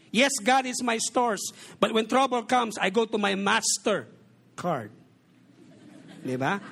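A man's voice: high-pitched, creaky, a bit bright. A man in his forties with a Filipino accent, preaching a sermon as a pastor and joking as he mixes Tagalog and English.

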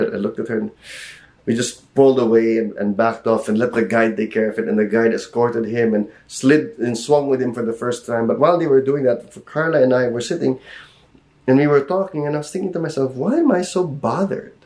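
Filipino guy preaching, tells a story from his own life, voice jumps up and down a lot. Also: brisk. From Philippines. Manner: animated storytelling, acts out quotes with sharp pitch jumps. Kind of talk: sermon with personal story.

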